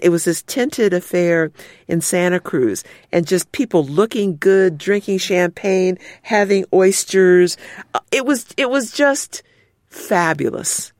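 In a candid interview, a female civil rights lawyer speaks as an expressive storyteller, voicing quoted lines with sweeping pitch changes. The audio is studio-grade and dry.

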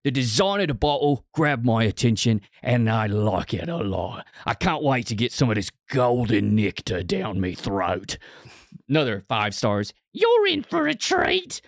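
A man's voice: on the low side, expressive, normal speed, no room sound, clean studio sound. A man voicing a giddy British male product reviewer in a shaky put-on English accent that slides toward Australian. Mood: gushing. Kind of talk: comedic podcast bit.

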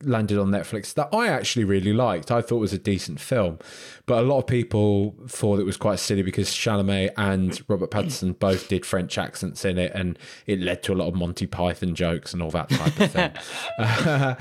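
A man's voice: fairly low pitch, normal speed. Hesitant man reviewing films. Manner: hesitant, repeats words, restarts. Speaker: podcast co-host. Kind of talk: casual film review chat.

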